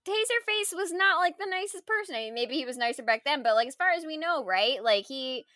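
A woman talks through a film in loose, animated conversation, her voice sitting a little high. She piles on fillers and quick asides. The recording is close and dry. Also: no room sound. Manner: animated, fast, laughing, lots of fillers. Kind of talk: casual chat reviewing a film.

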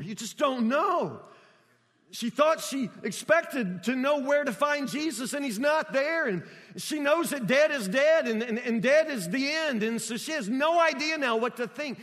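A man preaching a sermon, emphatic and repetitive, rising at times to near-shouts. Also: very high-pitched, expressive, normal speed, in a large hall.

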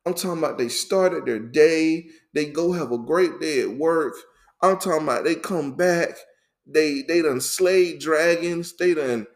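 A man co-hosting a faith talk, telling his story in a lively, repetitive, conversational way full of slang. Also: a little high, a little slow. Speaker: faith podcast co-host.

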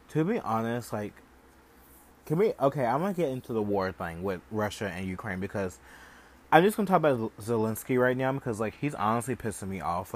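A young man hosts a podcast and vents his opinions in a loose, heated rant. He swears often and leans on "like" between nearly every phrase. His voice sits at an ordinary middle pitch. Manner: heated, profane, heavy use of "like". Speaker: podcast host. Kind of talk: casual ranting commentary.

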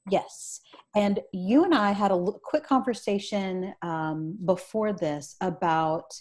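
A woman's voice: medium pitch, slow pace, darkish tone. A woman hosting a podcast interview, welcoming her guest and asking questions. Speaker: podcast host.

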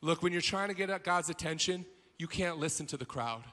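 Pastor guy preaching at a conference, high and really bright, lots of hall echo. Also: expressive, fairly quick. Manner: rousing, building to exhortation. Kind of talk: sermon. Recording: long hall reverb.

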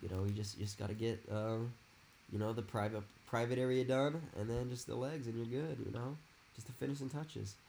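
A man's voice: medium pitch, fairly even intonation, brisk, creaky, darkish tone, slight background noise. A man who is a guest on a podcast, chatting casually about a fantasy league and rambling with lots of "it's like" and "you know". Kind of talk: casual fantasy football chat.

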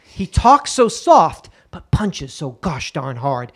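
A man's voice: fairly high pitch, sing-song, slow pace, a bit bright. A man from the Boston area co-hosting a comedic podcast, riffing animatedly and swearing freely. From Boston area, USA. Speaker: podcast co-host. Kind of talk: comedic casual chat.

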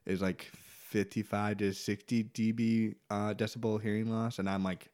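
A man's voice: on the low side, flat delivery, normal speed, darkish tone, clean tone. A man chatting as a guest on a casual podcast, explaining things at length and laughing often. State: hard of hearing. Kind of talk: casual chat.

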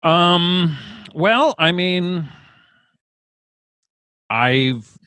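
A man's voice: sits high, expressive, very slow, pushed and bright, no echo. A man in his forties, a guest in a casual conversation, talking reflectively and openly with casual swearing. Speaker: podcast guest.

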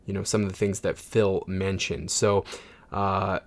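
A young man hosting a casual gaming podcast, relaxed and upbeat, with plenty of fillers. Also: low voice, unhurried. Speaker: podcast host.

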